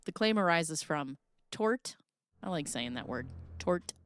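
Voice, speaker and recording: A woman's voice: low-pitched, animated, measured pace, a bit bright, a little hiss or hum. A woman hosting a casual reaction commentary, goofy and giggly, rambling as she reads through documents. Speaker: host.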